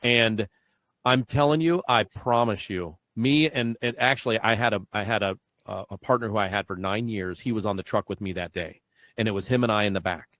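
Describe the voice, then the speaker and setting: Animated storytelling man, dry close sound. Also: on the low side, brisk, no room sound. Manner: animated storyteller, acts out dialogue, laughs often. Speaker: podcast host. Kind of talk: casual podcast conversation.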